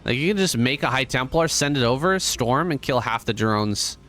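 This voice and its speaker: A man casts a strategy game match by himself in an easygoing, conversational play-by-play manner with offhand asides. His voice sits at a middling pitch. Faint music plays quietly underneath. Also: lively intonation, moderate pace. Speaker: esports caster. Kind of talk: solo game commentary.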